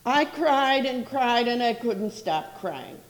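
A woman reading aloud as a mother who softly and slowly recalls a childhood memory. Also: on the high side, expressive, big-room sound, voice pushed up. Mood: reflective.

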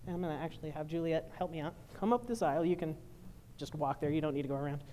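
A woman minister ending a sermon and then guiding her congregation through a bread communion in a relaxed, friendly way. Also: low-pitched, rapid-fire, a little hiss or hum. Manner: warm, informal, directing a congregation. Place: church sanctuary.

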